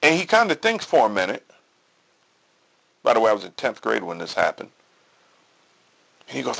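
Man, podcast host, casual monologue, gravelly husky voice, restarts. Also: medium pitch, sing-song, a little fast, pauses often, fairly bright tone. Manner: storytelling with quoted dialogue, repeats and restarts.

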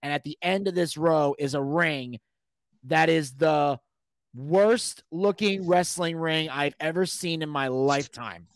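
As a podcast guest, a man tells a long story casually, swearing plenty and acting out what people said. He's animated, with a fairly high voice and a slightly slow pace, and there's no room sound.

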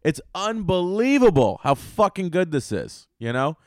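A young man hosting a solo podcast, talking casually and with lots of swearing, swinging from loud outbursts to low muttering. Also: very animated, measured pace, no echo, studio quality. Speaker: podcast host.

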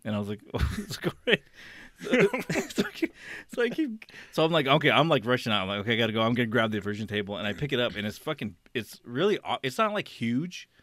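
A man on a podcast telling a long story in casual chat, rambling and animated, acting out what people said and laughing often. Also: mid-range voice, fast talker, dry recording. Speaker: podcast co-host.

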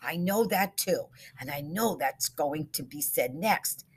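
A woman's voice: lively intonation, measured pace, slight background noise. A woman voicing Bella, a startled 55-year-old woman who hears ghostly voices at night, speaking in an urgent, breathless way. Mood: uneasy. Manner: breathless, urgent, rising pitch.

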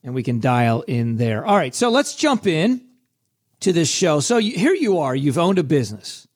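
A middle-aged man with a hoarse, scratchy voice, hosting a casual solo podcast in a chatty, self-deprecating way. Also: on the high side, very animated, moderate pace. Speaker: podcast host.

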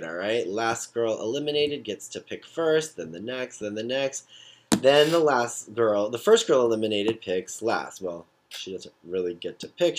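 A man's voice: mid-range voice, slight background noise. A man giving a casual, gossipy recap of a reality competition, with sassy asides.

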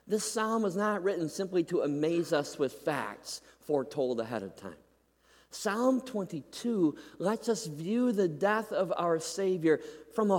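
Male preacher, sermon, earnest dramatic scripture reading, slightly high voice, long hall reverb. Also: darkish tone.

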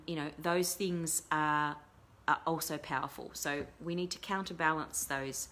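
A woman with a low, grounded voice talks to viewers in a casual live session. She is gentle and encouraging and rambles with plenty of fillers. She picks up their comments as she goes. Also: steady tone, measured pace. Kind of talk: casual live-stream talk.

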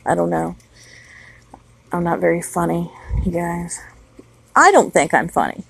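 A woman's voice: on the low side, measured pace, creaky, husky, no room sound, poor audio. A woman in her thirties, a mother, talking outdoors at night in a blunt, heavily profane, rambling solo vlog monologue. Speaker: mother of young children.

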